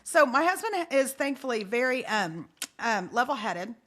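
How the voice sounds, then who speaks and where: A middle-aged woman, a podcast guest, telling a family story in lively, animated fashion and acting out the quotes. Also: fairly high pitch, normal speed. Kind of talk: casual storytelling interview.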